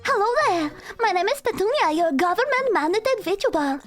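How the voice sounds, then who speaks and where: Woman doing a cookie-cutter vtuber girl, high-pitched, bubbly, overly sweet, rehearsed chipper delivery, faint music behind. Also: lively intonation, normal speed. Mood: chirpy. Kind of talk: comedic bit on a live stream.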